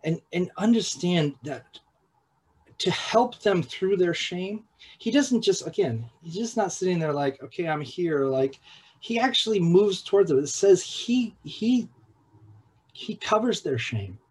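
A man preaching a sermon in a halting way, with repeated words and restarts, at times dropping to a hushed, slow voice for emphasis. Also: high-pitched, lively intonation, husky, low-quality recording. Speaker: pastor.

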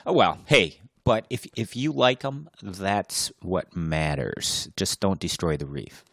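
A man's voice: sits low, fairly bright tone, dry recording, studio quality. A male podcast co-host talking casually and reflectively, drawing out his points. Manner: reflective, drawn-out emphasis. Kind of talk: casual chat.

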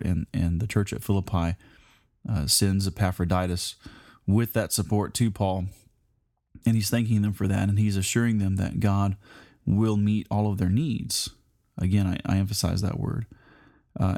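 Low, mellow-voiced man preaching a Bible lesson. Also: vocal fry, dry recording, studio quality. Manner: conversational, unhurried, many fillers and restarts.

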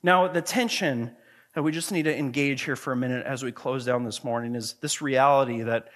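A male pastor delivering a sermon in an earnest, conversational way, swinging from quiet, low passages to loud, emphatic questions. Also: fairly quick. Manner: earnest, conversational preaching with frequent restarts.

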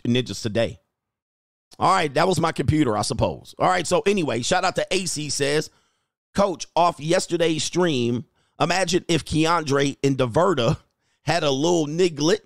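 Animated man hosting a livestream. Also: fairly high pitch, moderate pace, gravelly, dry recording, clean studio sound. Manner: animated, laughing, swears freely. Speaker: livestream host reading chat. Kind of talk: casual livestream chat.

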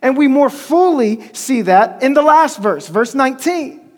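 A pastor in a church sanctuary preaches a sermon in a very high-pitched, expressive voice with a darkish tone, speaking a little slowly. He tells stories conversationally and calls for responses from the congregation, and the recording carries a long church-hall reverb.

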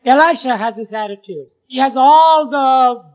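A man's voice: very high-pitched, moderate pace. A man teaching an informal Bible class in an earnest, emphatic way. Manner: earnest, emphatic, acts out quoted voices. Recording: dull lo-fi recording.

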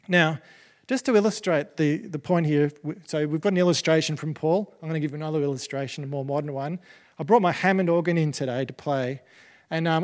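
Man preaching in a reverberant hall. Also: a little high. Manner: casual, conversational, with many restarts. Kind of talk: sermon.

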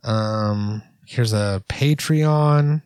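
A man's voice: lowish voice, drawn-out words, darkish tone, clean tone, no room sound. A man hosting a casual reaction commentary, sarcastic and loose. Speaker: commentary host.

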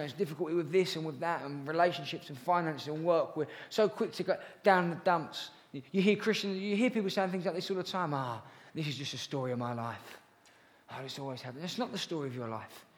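Young male preacher, high voice, chatty and earnest, with jokes for the room, in a hall with long reverb. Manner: earnest, chatty, with jokey asides to the congregation. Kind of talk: sermon.

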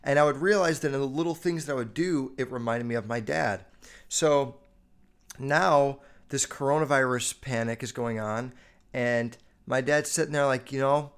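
A young American man hosting a casual solo podcast, telling stories in a loose, profane, animated way. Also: clear, resonant tone. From United States. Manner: profane, animated storytelling with quick jumps in pitch and loudness. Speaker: podcast host.

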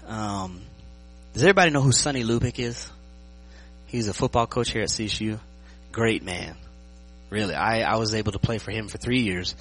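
A male pastor delivering a lively sermon, breaking into jokes and asking his listeners whether they are with him. His voice sits low, with a husky, breathy edge. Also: poor audio. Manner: lively, joking, checks in with the audience.

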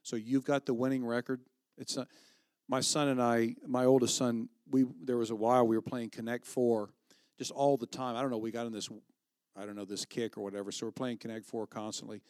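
A middle-aged male pastor preaches in a loose, talky way and often restarts his sentences. His voice sits at an ordinary pitch for a man. The sound is close and dry, with no room echo. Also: level tone, a little fast, darkish tone, clear, resonant tone. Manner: conversational, with many restarts and quoted asides. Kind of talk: sermon.

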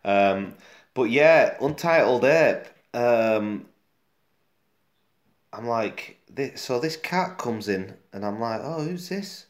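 A man with a Yorkshire accent chatting casually about comics as a co-host, relaxed and full of fillers. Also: mid-range voice, slow. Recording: roomy echo.

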